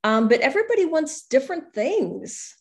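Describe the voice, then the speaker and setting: A woman's voice: high-pitched, big pitch swings, moderate pace, creaky. A woman guest speaking candidly and reflectively in an interview, often acting out what other people said to her. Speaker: guest, newspaper columnist.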